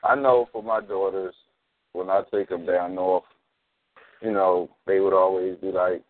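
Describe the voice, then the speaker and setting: A very deep-voiced man hosts a casual radio show. His talk is relaxed and he keeps checking in with "you know what I mean?". The sound is dry and thin, like a phone line. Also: measured pace, dry recording. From North Philadelphia.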